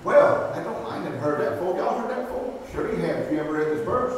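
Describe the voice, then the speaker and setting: High-voiced pastor in an echoey church. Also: male voice, animated, fast, hardly any pauses. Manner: folksy, plain-spoken preaching with rhetorical questions to the congregation. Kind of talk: sermon. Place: church sanctuary. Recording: echoey hall from far off, faint noise.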